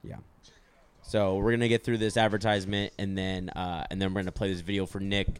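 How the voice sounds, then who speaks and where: A man hosts a podcast in loose, rambling chat, full of "like" and "um." His voice sits fairly low. He jokes as he goes. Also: level tone, brisk, clear, resonant tone. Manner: rambling, filler-heavy, jokey. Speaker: podcast host.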